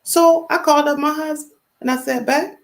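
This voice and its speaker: Animated woman talking to her live chat. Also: high-pitched, brisk. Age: 50s. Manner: animated, emphatic, storytelling, addresses chat directly. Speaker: livestream host. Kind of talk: casual livestream talk.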